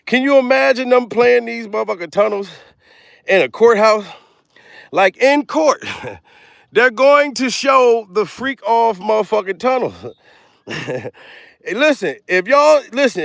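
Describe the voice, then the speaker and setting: A man's voice: very high voice, vocal fry, no room sound, clean studio sound. A man doing a comedic livestream, out of breath and laughing as he rambles, swearing constantly. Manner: profane, laughing, excitable rambling.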